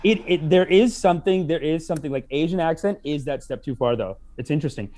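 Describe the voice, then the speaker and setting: A man's voice: on the high side, lively intonation, fast talker, darkish tone. A man co-hosting a podcast in casual chat, joking and laughing often. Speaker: podcast co-host.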